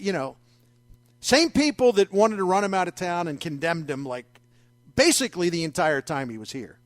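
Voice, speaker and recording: High-voiced wry male sports radio host. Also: big pitch swings, moderate pace, no room sound, clean studio sound. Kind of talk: sports talk radio commentary. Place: radio studio. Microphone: studio microphone.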